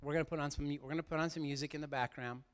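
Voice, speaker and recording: A middle-aged man, a pastor, speaks rapid-fire in a steady, somewhat high voice. Standing in the church sanctuary, he gives his congregation an earnest sermon from the heart, speaking right to them.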